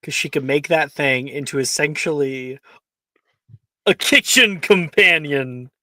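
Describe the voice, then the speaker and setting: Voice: mid-range voice, a little slow, bright, forceful tone, no room sound. A game master running a tabletop game, chatty and explaining spells, laughing often.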